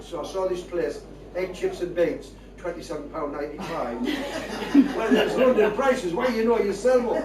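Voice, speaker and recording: Here is live stand-up storytelling from an older Geordie man whose high voice carries rambling, chatty tall tales in a broad northern lilt. Recorded at a distance on an echoey stage, the clip picks up the audience laughing.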